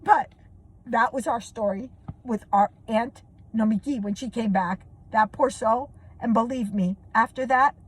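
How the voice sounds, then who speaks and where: Husky high-voiced woman telling a story. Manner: animated, laughing, voice rising high with excitement. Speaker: vlogger telling a family story. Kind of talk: casual storytelling.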